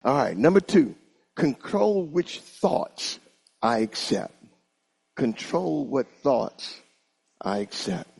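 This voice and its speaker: A man preaching a lively sermon to his congregation, drawing his words out slowly and unhurriedly. His voice is gravelly and husky. His pitch leaps high and drops low as he calls on listeners to answer him back. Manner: animated, call-and-response with congregation.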